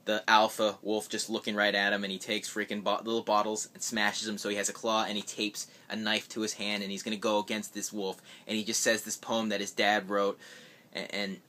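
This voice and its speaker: A young man talking casually to camera about films, chatty and animated, sometimes mimicking a viewer's questions. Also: on the low side, brisk. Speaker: vlogger. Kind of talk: casual movie-list vlog.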